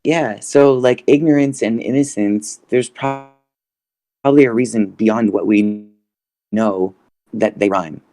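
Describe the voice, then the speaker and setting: Musing man with a lowish voice. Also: steady tone, unhurried, dark tone, faint music behind. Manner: musing, hesitant, thinks aloud. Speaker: roundtable guest. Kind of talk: casual group discussion.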